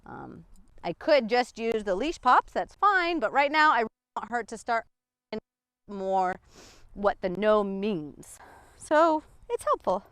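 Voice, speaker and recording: A woman's voice: sing-song, slow, fairly bright tone, smooth, no room sound. A woman dog trainer talking outdoors while walking a dog and explaining her methods, a bit out of breath. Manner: chatty, swings up high for dog praise.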